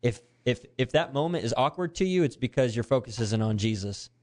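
A man's voice: medium pitch, brisk. A man, a youth pastor, animatedly telling a story in conversation and acting out the voices of the people in it. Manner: animated, acts out quoted voices, earnest.

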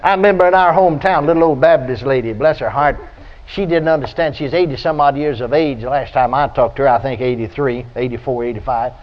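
An older man preaching a folksy radio sermon, telling stories and breaking into high, shouted praise. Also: brisk. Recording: dull lo-fi archive radio recording.

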